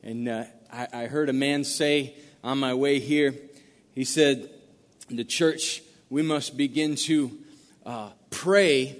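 A man preaching as a guest pastor, folksy and halting, with many restarts. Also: medium pitch, steady tone. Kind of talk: sermon with storytelling. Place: church sanctuary. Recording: long church-hall reverb.

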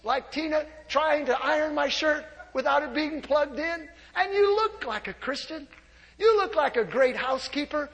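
High-voiced shouting preacher in a reverberant hall. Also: male voice. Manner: preaching with swings from hushed to shouting; humorous asides and laughter. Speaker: pastor. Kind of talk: sermon. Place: church sanctuary.

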